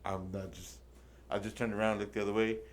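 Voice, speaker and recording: A man's voice: fairly low pitch, level tone, brisk, a little hiss or hum. A man co-hosting a casual podcast, telling a long story with plenty of slang and curse words, dropping Spanish words in. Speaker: podcast co-host.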